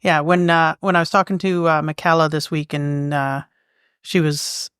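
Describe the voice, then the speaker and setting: Canadian woman chatting on a podcast, smooth clear voice, dry close sound, lots of ums and restarts. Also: deep voice, little pitch movement, normal speed, fairly bright tone, no room sound. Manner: rambling, lots of fillers and restarts. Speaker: podcast co-host. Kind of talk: casual storytelling chat. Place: local museum.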